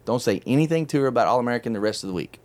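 A middle-aged man hosting a casual chat, telling a long story in an animated, chatty way and laughing often. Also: mid-range voice, rapid-fire. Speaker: podcast host telling a story.

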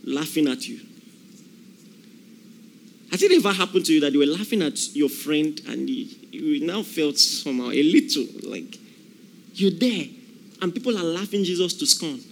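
A man's voice: fairly high pitch, expressive, normal speed, long pauses, a little hiss or hum. A man preaching a sermon, emphatic, repeating key phrases and acting out the voices of people in the story.

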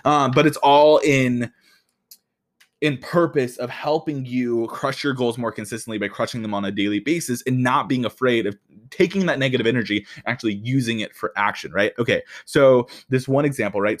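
Male podcast host, mid-range voice, casual solo talk, excitable and profane. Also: mid-range voice. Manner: energetic, excitable, swears freely.

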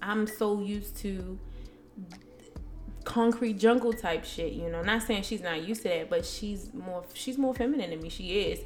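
A woman's voice: mid-range voice, a little slow, faint music behind. Brief: young woman co-host, casual storytime chat, blunt and profane, plain mid-range voice. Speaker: podcast co-host.

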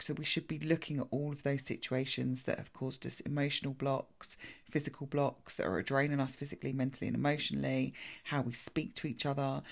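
A woman's voice: rumbling low, gravelly, a little mellow. A woman hosting a casual solo podcast, chatting loosely, interrupting herself and laughing at her own slips as she pulls and reads a card. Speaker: podcast host.

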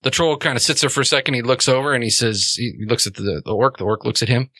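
Relaxed game master narrating. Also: male voice, mid-range voice, fast talker, no room sound. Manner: relaxed, rambling with fillers. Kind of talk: narrating a tabletop role-playing game.

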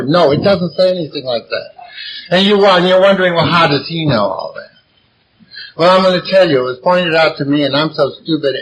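A man's voice: sits high, slight background noise, low-quality recording. A man sharing his recovery story to a meeting crowd, blunt and profane, hammering points with repetition. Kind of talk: recovery talk to a live audience. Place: meeting room before a gathered audience.

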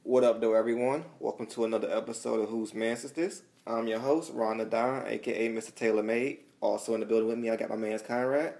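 A man's voice: fairly low pitch, steady tone, fast, hardly any pauses, darkish tone, slight background noise. A young man hosting a podcast in a laid-back, slangy chat, laughing easily. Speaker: podcast host. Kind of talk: casual chat.

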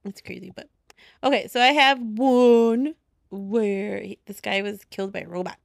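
A woman's voice: mid-range voice, steady tone, normal speed, creaky, no echo, studio quality. A woman with a Chicago accent co-hosting a podcast in casual, giggly chat, full of "like". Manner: giggly, chatty, lots of "like". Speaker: podcast co-host.

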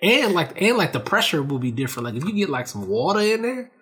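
Stammering, profane man, a bit high. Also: very animated, quick pace, fairly bright tone. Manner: stammering restarts, profane, explains with "you know what I'm saying". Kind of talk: casual chat.

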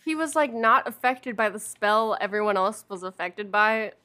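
A woman's voice: mid-range voice, lively intonation, moderate pace, sharp tone. A young woman chatting casually about a TV show. She sounds exasperated, swears and laughs. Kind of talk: casual chat.

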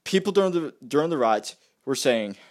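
A man's voice: on the high side, lively intonation, fairly quick. A man delivering a heated, exasperated rant to camera, often repeating himself and restarting his sentences. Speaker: vlogger. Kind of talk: heated ranting monologue.

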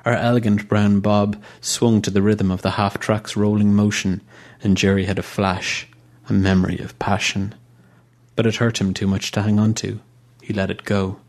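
A man narrates a science-fiction story in a steady, even manner. His voice sits somewhat low. It is a calm, scripted audiobook reading.

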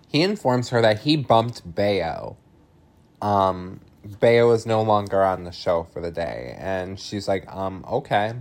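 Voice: low voice, animated, slow. A podcast host casually recapping a film, chatty and loose, full of fillers, laughing and swearing freely.

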